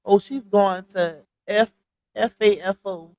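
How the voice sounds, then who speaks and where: A congested woman hosts a casual live stream, speaking directly to her viewers and calling them y'all through an earphone mic. Her mid-range voice is a little slow and darkish, with no room sound but poor audio quality.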